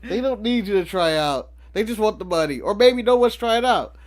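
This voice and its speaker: A man from the United States co-hosting a casual wrestling recap podcast, joking and laughing often in an animated way. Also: high voice, normal speed. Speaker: podcast co-host. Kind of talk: casual chat.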